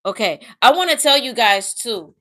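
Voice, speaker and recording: A woman's voice: a little high, sing-song, moderate pace, pushed and bright. A woman from the Midwest of the United States hosting a casual livestream, talking earnestly and emotionally while reading out viewer comments. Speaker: livestream host.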